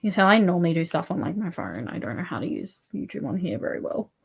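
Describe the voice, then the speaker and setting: An Australian woman hosting a casual livestream, soft-spoken and rambling, often dropping to a murmur. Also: lowish voice, big pitch swings, fast, creaky, breathy edge. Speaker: livestream host.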